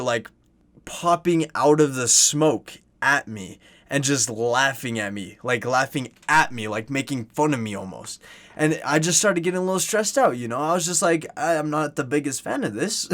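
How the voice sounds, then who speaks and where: Young male storyteller, casual and rambling, lots of filler words, middle pitch. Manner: rambling, heavy use of "like" and "you know"; gets loud and worked up when exasperated.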